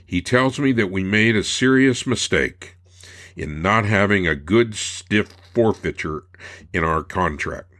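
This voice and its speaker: A man with a very low, deep voice reads old personal letters aloud as a narrator. His delivery is measured and unhurried, like someone taking his time over each line of a letter. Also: expressive, a bit bright.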